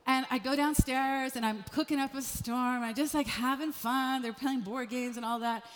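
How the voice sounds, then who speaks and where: A high-pitched middle-aged woman preaches to her church, her voice carrying a long reverb through the hall. She moves between soft, quiet asides and bursts of emphatic, animated storytelling. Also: moderate pace. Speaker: pastor. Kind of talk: sermon.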